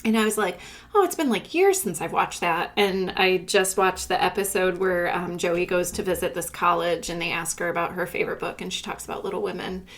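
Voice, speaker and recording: A woman in her thirties co-hosting a library podcast in casual chat, reflective and trailing off into quiet asides. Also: on the low side, little pitch movement, a little fast, hardly any pauses. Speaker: podcast co-host, library staff.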